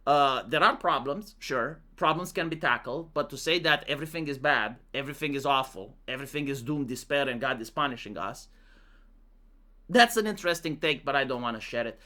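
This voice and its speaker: Brisk and pushed, with a bright mid-range voice, a Romanian commentary YouTuber with a Romanian accent casually goes over comments on his channel. He relies heavily on "like" and reads certain comments in a mocking voice.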